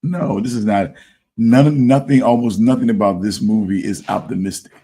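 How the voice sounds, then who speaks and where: Man, podcast co-host, casual chat, halting, dark mellow tone, gravelly. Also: fairly low pitch. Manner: hesitant, halting, musing.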